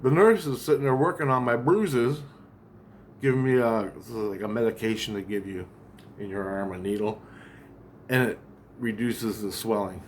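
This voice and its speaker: A man's voice: on the low side, moderate pace, a little hiss or hum. A man telling a long account of a dream in a rambling, profane way, with many restarts and asides. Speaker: vlogger.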